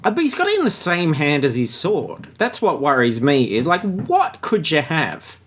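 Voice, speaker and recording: A man's voice: on the high side, huge pitch swings, normal speed, a bit bright, slight background noise. A man hosting a podcast, chatting casually and sarcastically about a book and reading passages aloud. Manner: crude, joking, sarcastic. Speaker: podcast host.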